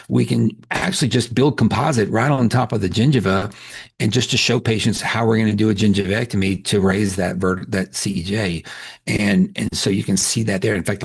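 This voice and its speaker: A man's voice: lowish voice, creaky, breathy edge. A male dentist giving a webinar lecture, telling candid patient stories in a conversational way with frequent restarts.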